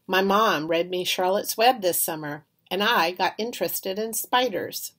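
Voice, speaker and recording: A woman's voice: lowish voice, a little slow. A woman reading aloud, voicing a brash, boastful third-grade boy in a storybook. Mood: eager. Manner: cocky, lively.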